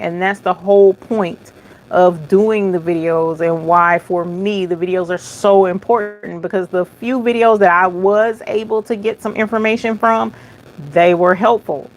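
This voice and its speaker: Chatty gravelly-voiced woman hosting a live Q&A. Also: mid-range voice, measured pace. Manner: chatty, relaxed, folksy, thinks aloud. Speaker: embroidery channel host. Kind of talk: live stream Q&A, reading viewer comments.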